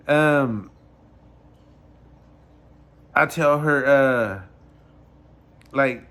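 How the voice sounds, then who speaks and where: Animated storytelling man from Mexico. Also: mid-range voice, slow, long pauses. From Michoacán, Mexico. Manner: animated, conversational, self-correcting. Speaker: vlogger. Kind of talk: casual storytelling.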